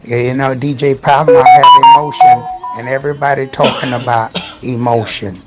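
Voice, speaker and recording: A man hosting a casual radio show, giving shout-outs in an upbeat, loose and slangy way. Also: medium pitch, fairly even intonation, moderate pace, loud music behind the voice. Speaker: radio host.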